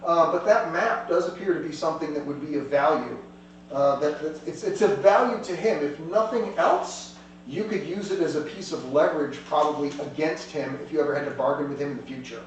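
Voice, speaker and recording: A man's voice: on the high side, fairly quick. A man narrating a tabletop game as game master, rambling loosely with many restarts, recorded from a distance in an echoey room. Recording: echoey room, distant mic, faint hum.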